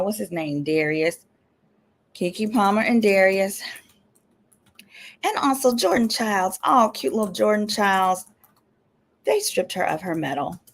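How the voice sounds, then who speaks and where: A woman lawyer hosting a casual livestream, chatty and sassy, full of exasperated asides. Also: lowish voice. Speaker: attorney and show host.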